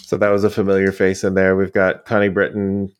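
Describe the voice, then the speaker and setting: Low-voiced man in relaxed film chat. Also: brisk, clear, resonant tone. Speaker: podcast co-host. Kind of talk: casual film discussion.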